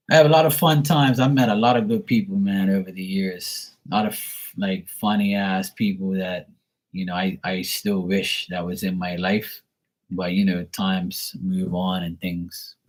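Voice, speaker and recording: A low-pitched man gives live tarot readings in a blunt, profane, casual monologue, mocking other people by acting them out in silly voices.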